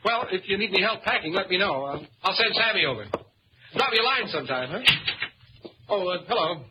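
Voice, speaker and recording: A man's voice: high-pitched, lively intonation, normal speed. An actor playing a nervous, stammering young ladies' man, in 1940s radio comedy style. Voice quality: stammering, jittery. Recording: muffled old radio recording, faint hiss.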